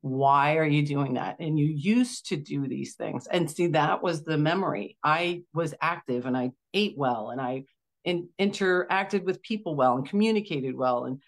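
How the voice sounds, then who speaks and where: This is a middle-aged woman with a low, grounded voice, sharing her own story as a client guest. She talks with real enthusiasm and often acts out what others said to her in little put-on voices. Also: moderate pace. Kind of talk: candid testimonial chat.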